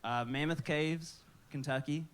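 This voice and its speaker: A man's voice: on the high side, fairly even intonation, measured pace, fairly bright tone. A man in his twenties, a comedian guest answering questions in a laid-back, giggly way, saying "dude" often. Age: 20s. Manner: laid-back stoner drawl, says dude a lot, nervous laughs. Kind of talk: casual stage interview.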